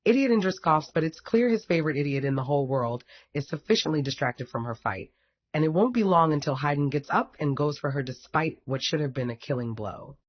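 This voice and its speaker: A man reads a fan fiction story aloud with wry, casual storytelling. His voice sits fairly high. The recording sounds dull and lo-fi. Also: lively intonation, brisk. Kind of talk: audiobook narration.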